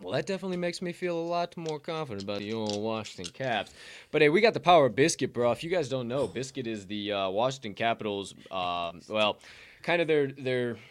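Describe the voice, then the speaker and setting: A man co-hosting a sports betting podcast, talking casually with loud, profane, showman-style hype and ad reads. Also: medium pitch, lively intonation, brisk, slight background noise.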